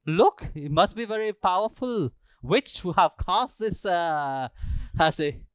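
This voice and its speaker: A man's voice: high-pitched, animated, slow, a bit bright, clean tone, no echo, heavily acted. A man voicing a divine prince, speaking in a playful, mock-puzzled, pleading way. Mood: cheeky. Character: divine male prince, gently cheeky.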